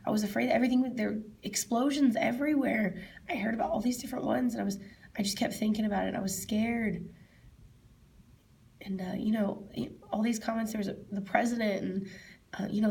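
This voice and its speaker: A woman answering interview questions, telling a personal memory in a halting way, repeating herself and often dropping to a soft, whispery voice. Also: a little high, creaky, a little hiss or hum. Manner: halting, repeats herself, quotes her own past words loudly.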